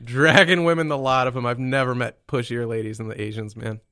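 A man's voice: medium pitch, steady tone, a little fast, bright, forceful tone, clear, resonant tone, no echo, studio quality. A man hosting a crude, casual chat, blunt and teasing, swearing freely.

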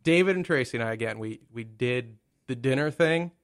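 A man's voice: mid-range voice, fairly quick. A man from the United States hosting a podcast, rambling and cracking crude jokes in casual chat. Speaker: podcast host.

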